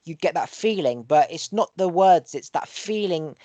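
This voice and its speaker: Male podcast host, earnest and preachy, higher-pitched voice, dry close sound. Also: animated, normal speed, mellow, no room sound. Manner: earnest, preachy, repeats phrases in rhythm; swears for emphasis. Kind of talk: casual podcast chat.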